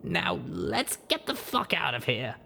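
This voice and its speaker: A man's voice: high-pitched, big pitch swings, measured pace, gravelly, bright, forceful tone, voice pushed up, exaggerated voice. A man voicing a tough, battered young female pony in an audiobook reading, blunt and profane, exhausted and breathless. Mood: wry comfort.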